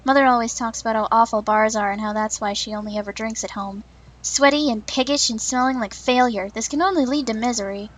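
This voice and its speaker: Brief: stubborn, earnest young woman narrating a visual novel, read by a woman, slightly high voice. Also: fairly even intonation, brisk, lightly acted, rough recording. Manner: indignant, earnest narration in first person. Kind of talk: reading a visual novel aloud.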